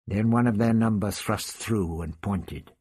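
A man reading an adventure story aloud as narrator, steady and measured. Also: on the low side, slightly rough, no room sound. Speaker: audiobook narrator. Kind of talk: scripted narration.

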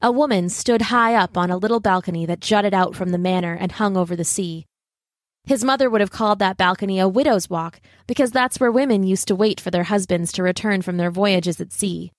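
A woman reads a children's story in a measured, gently expressive way, at a middle pitch. The recording is dry and close-miked, with no room sound around the voice. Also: dry recording. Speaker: narrator. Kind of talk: audiobook narration.

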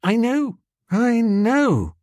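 A man voicing an impulsive young gentleman who talks in a chummy, excitable way. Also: very high voice, drawn-out words, no room sound, studio quality, pitched above the performer's own voice, exaggerated voice. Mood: breezy.

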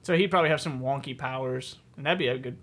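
Fast-talking podcast co-host, rambling man. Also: medium pitch. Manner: rapid, rambling, repeats words when excited. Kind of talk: casual podcast chat.

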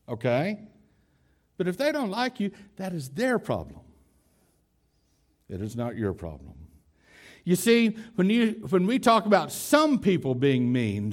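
A man's voice: on the high side, a little mellow. A man preaching a sermon as pastor, emphatic, repeating key phrases and speaking straight to his congregation. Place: church hall with a congregation.

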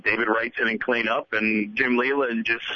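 A man's voice: mid-range voice, flat delivery, normal speed, no echo, lo-fi sound. A man who is a baseball broadcaster, chatting casually as a radio guest with a rambling, restart-heavy delivery. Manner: rambling, many restarts and "you know". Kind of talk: casual radio interview chat.

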